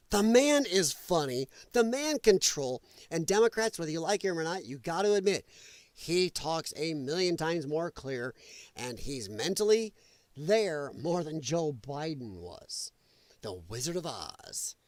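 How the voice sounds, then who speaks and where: A man hosts a casual political livestream, chatting to his viewers while he hunts for clips and laughs along. His voice sits high and swings widely. The sound is dry and close, with no room around it. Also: a little slow, no room sound. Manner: animated, laughing, talks to chat while hunting for clips. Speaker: livestream host.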